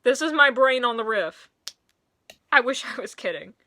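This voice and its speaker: A young woman rambling excitedly through a casual music review, gushing and sometimes singing along. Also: a little high, moderate pace.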